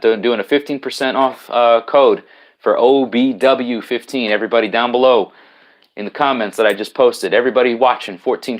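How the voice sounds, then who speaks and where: A man hosting a casual live stream from home on his laptop, greeting viewers, reading out their comments and rambling with many fillers and restarts. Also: mid-range voice.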